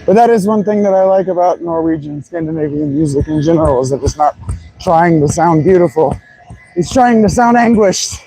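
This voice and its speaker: A man's voice: fairly high pitch, fairly quick, warm tone, soft background music, poor audio. A man streaming, chatting casually and loosely, swearing as he muses aloud. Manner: loose and profane, musing aloud. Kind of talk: casual chat.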